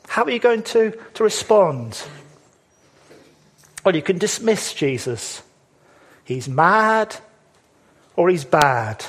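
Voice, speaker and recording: A man with a fairly high, husky voice delivers a sermon. He speaks emphatically, posing rhetorical questions and drawing out key words for weight. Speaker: preacher.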